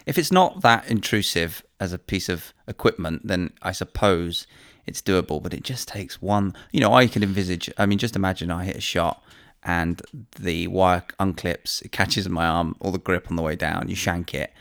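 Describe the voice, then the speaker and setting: A man's voice: sits low, normal speed, fairly bright tone, no room sound, clean studio sound. A British man, a pro golfer, co-hosting a casual chat who muses aloud and often hesitates and restarts. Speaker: podcast co-host, professional golfer.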